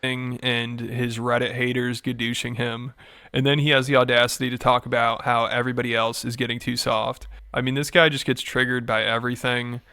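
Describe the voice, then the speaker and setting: A man narrating a commentary video in a dry, sarcastic, deadpan way. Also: mid-range voice, quick pace, few pauses, no room sound.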